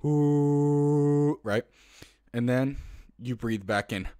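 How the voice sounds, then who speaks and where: A man's voice: lowish voice, normal speed, dry recording, studio quality. A man explaining a silly tutorial in casual talk, rambling and fumbling for words with lots of fillers. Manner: breaks into laughter and loud hoots. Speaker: online tutorial maker.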